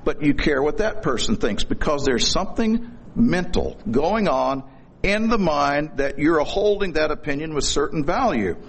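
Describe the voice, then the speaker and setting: A man's voice: on the high side, animated, normal speed, vocal fry, slightly rough. A middle-aged man preaching a sermon in a folksy, storytelling way, with corny jokes.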